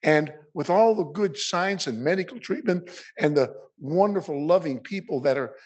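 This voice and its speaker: An older man giving emotional closing remarks at a symposium, halting with many restarts and at times choked up. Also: on the high side, darkish tone, lo-fi sound. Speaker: symposium speaker.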